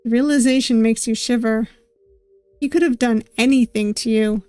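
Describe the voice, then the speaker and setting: A woman's voice: on the high side, fairly even intonation, moderate pace, mellow, smooth, no echo, soft background music. A woman streamer reading a visual novel game aloud, with casual, wry asides between the narration. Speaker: VTuber gaming streamer.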